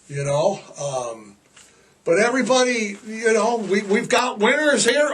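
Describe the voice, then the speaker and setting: A man's voice: high voice, animated, fairly bright tone, distant mic. Sarcastic older man rambling on a podcast. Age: 60s. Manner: sarcastic, jokey, drawn-out emphasis. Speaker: podcast host. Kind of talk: rambling casual monologue.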